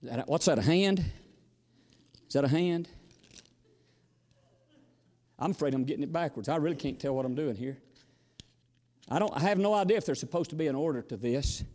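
A man's voice: fairly high pitch, expressive, fast, pauses often, darkish tone, in a large hall. A man preaching a sermon, folksy and storytelling, sometimes exclamatory and sometimes chatty. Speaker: visiting preacher.

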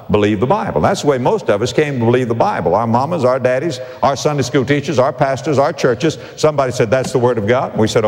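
A male pastor delivers a sermon, stressing and repeating his key lines slowly. His middle-pitched voice rises and falls with lively swings. It rings out with the long reverb of a large hall. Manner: emphatic preaching with repetition and slowed key phrases.

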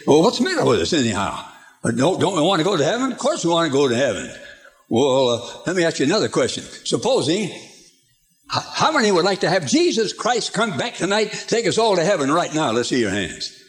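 A man's voice: fairly high pitch, big pitch swings, a little fast. An older man preaching a sermon in a folksy storytelling way, chuckling through his anecdotes, from an archive recording.

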